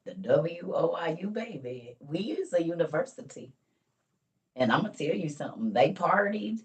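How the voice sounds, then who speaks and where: Tired grandma chatting to her vlog viewers, low voice, kinda far from the mic, says y'all and honey a lot. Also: big pitch swings, moderate pace. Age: older. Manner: chatty storytelling, Southern Black vernacular, calls viewers y'all and honey. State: tired and weak. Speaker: vlogger. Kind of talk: casual morning vlog chat.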